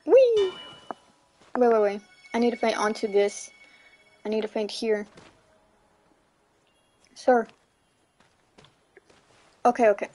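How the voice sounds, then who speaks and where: High-voiced giggly woman streaming a game. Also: slow pace, long pauses, slight background noise. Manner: giggly, chatty, squeals when excited. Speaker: livestreamer. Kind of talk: casual gameplay livestream chat. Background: faint game music.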